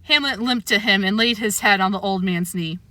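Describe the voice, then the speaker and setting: A woman reading a children's book aloud with expressive, animated storytelling, close to the mic. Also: mid-range voice, normal speed, dry recording. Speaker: narrator.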